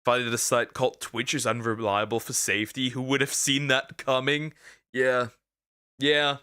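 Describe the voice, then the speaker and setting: A man's voice: mid-range voice, level tone, normal speed, sharp tone, clear, resonant tone. A man streaming as a vtuber, giving blunt, mocking reaction commentary and often stumbling over and repeating his words.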